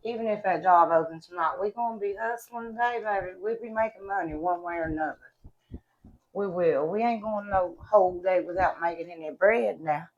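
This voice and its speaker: Country appalachian lady rambling to her viewers, y'all and girl, lowish voice, dull muffled audio. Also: a little fast. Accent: Appalachian Southern US. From West Virginia, USA. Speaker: vlogger reviewing products. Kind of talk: casual chat to camera. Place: at home.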